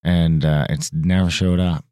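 A man's voice: deep voice, level tone, a little slow, dark tone, clear, resonant tone, no room sound, clean studio sound. A man co-hosting a podcast, telling a long, profane travel story in a casual chat. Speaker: podcast co-host.

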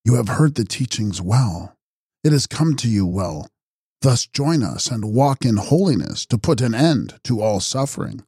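A man voicing a serene spiritual teacher who speaks softly yet firmly. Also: medium pitch, unhurried, slightly rough, dry recording, studio quality. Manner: soft yet firm, calm.

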